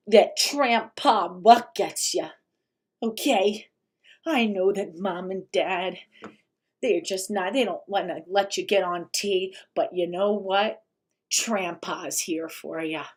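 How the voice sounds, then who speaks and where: A smarmy, sly recruiter man with a dropped, sing-song voice, as a woman mocks him. The delivery is sarcastic and coaxing, noticeably lower than her own talk. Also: slow pace, natural voice. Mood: mocking. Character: smarmy older trans man mocked as a recruiter.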